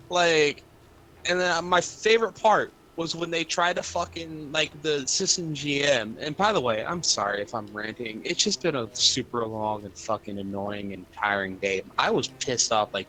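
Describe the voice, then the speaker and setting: A man's voice: mid-range voice, normal speed, pushed and bright, a little hiss or hum. A young man streaming and ranting about his work day in casual chat, cursing a lot and filling with "like". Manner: profane, rambling venting with lots of fillers.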